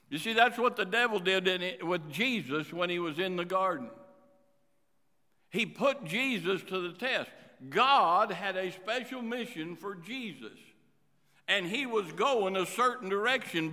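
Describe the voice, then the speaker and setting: A man preaching a sermon as pastor, swinging between loud emphasis and quiet asides. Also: high voice. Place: church sanctuary. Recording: reverberant church hall.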